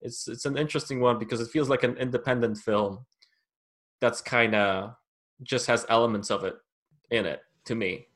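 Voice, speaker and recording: Man host, casual film chat, calm and measured. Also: medium pitch.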